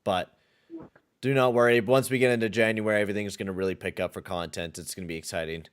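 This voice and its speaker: A man's voice: on the low side, fairly even intonation, fast talker, clear, resonant tone. A man from western Canada hosting a casual live hockey play-by-play podcast, swearing and complaining in exasperation. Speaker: podcast host and play-by-play caller.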